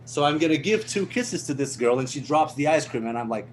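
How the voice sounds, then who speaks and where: Portuguese man, podcast guest, animated storyteller, laughs a lot, faint noise behind. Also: a little high, fairly quick. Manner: animated storyteller, laughs often, acts out quotes. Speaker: stunt performer guest. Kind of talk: casual podcast chat.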